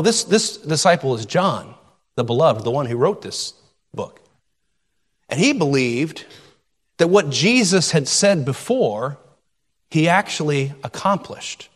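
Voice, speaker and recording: A man preaches a sermon, reading scripture and explaining it in a conversational way. His voice sits slightly high and moves through a lively range. A long reverb carries it through the church. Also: breathy edge. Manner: expressive, conversational Bible teaching. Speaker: pastor.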